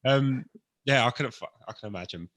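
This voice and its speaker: A man's voice: mid-range voice, fairly quick, a bit bright, no echo. A man from England hosting a podcast, laughing often and wrapping up politely. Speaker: podcast host. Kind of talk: casual chat.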